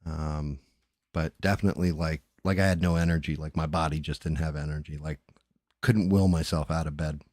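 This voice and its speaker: A man's voice: a bass voice, steady tone, a little fast, darkish tone, no echo, studio quality. A middle-aged man, a streamer, talking candidly and rambling in casual chat, with some cursing.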